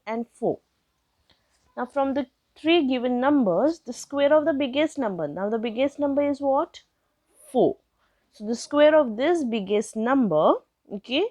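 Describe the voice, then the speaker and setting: A woman's voice: a little high, darkish tone, dry recording. A young woman teaching a maths lesson step by step, asking questions and answering them herself. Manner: patient, asks questions then answers them.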